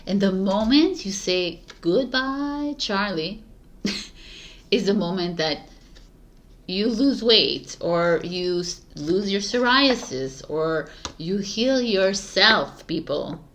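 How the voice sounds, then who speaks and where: A woman's voice: mid-range voice, takes it slowly. A middle-aged woman tarot reader from Canada, talking casually and passionately to her viewers, with frequent fillers. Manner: passionate, animated, laughs often, frequent "like" fillers. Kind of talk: casual spiritual talk to camera.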